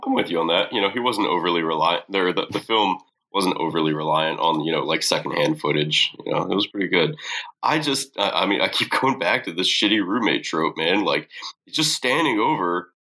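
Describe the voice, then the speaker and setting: A man with a bright, forceful voice that swoops up and down as he rants and swears about a horror movie on a podcast. He stumbles over restarts as he gets worked up, in casual banter. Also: low voice, rough recording. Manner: swearing, ranting with a stutter of restarts. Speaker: podcast co-host. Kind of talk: casual chat reviewing a film.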